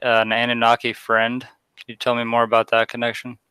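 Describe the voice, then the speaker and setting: A man's voice: mid-range voice, monotone, a little fast, pushed and bright, clean tone, dry recording. A man calling in to ask politely about his spiritual connections. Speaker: caller.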